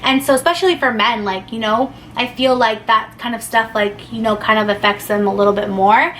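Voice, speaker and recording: Young woman, casual storytime, rambling, swears, fairly high voice, faint background noise. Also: fairly quick, a bit bright. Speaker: vlogger.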